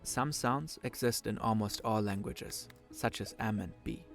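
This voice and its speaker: A man from Germany with a German accent, narrating a scripted explainer in a clear, measured way. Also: lowish voice, soft background music.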